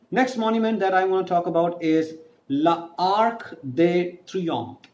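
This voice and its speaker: A man's voice: fairly high pitch, lively intonation, moderate pace, a little mellow, a little hiss or hum. A man teaching an online French lesson, spelling words letter by letter and drawing out each pronunciation. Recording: echoey room with faint ambience.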